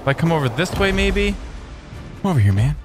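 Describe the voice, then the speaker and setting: A young man giving casual let's-play commentary, excitable and playful, chatting with his in-game creatures in slang. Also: a little high, fairly quick, music in the background. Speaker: gaming YouTuber.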